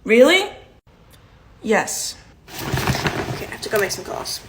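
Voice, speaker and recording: A young woman performing short comedy sketches with a dry, matter-of-fact delivery. Her voice sits a little high. She plays every role herself and keeps a deadpan evenness from one part to the next. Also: slow, noisy background.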